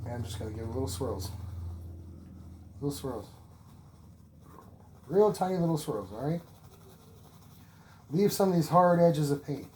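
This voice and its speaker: A painting instructor works through an oil painting, guiding the viewer stroke by stroke with encouraging, repetitive talk and sometimes drifting from the mic. His voice sits on the high side with a darkish tone, animated and unhurried, with long pauses. Faint background noise runs under this relaxed tutorial.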